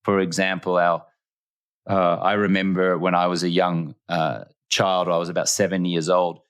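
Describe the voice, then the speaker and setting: A very low-pitched Australian man speaking as an interview guest. He tells his stories earnestly and leans on repeated phrases for emphasis, with a reflective, conversational delivery. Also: little pitch movement, moderate pace, smooth. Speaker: podcast guest.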